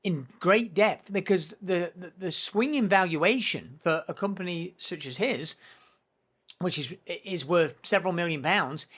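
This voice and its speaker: Guy hosting a business podcast, slightly high voice, earnest, stumbles and restarts a lot. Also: measured pace, fairly bright tone. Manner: earnest, explanatory, frequent restarts. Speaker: podcast host. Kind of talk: podcast conversation.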